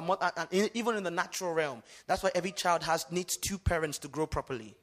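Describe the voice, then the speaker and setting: Animated preaching man, Yoruba mother tongue. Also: a little high, quick pace, hardly any pauses. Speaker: pastor. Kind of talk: sermon.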